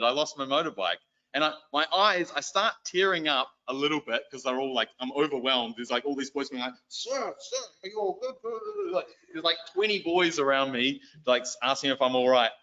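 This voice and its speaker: Bright, animated New Zealand preacher. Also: male voice, fairly high pitch. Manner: animated, self-deprecating storytelling. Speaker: lay preacher and schoolteacher. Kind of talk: church exhortation. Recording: dull lo-fi recording.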